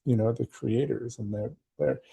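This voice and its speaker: A man's voice: medium pitch, moderate pace, gravelly, dark tone, breathy edge. A man in casual podcast conversation, rambling with many fillers and restarts as he talks about running games. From United States. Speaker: game master and guest.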